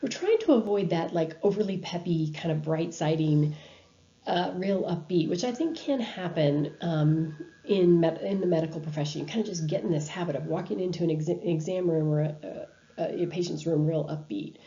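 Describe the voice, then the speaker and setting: A woman's voice: lowish voice, moderate pace, warm tone, lo-fi sound. A woman giving a recorded university lecture over slides, talking in a conversational way with frequent ums and restarts. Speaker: university instructor.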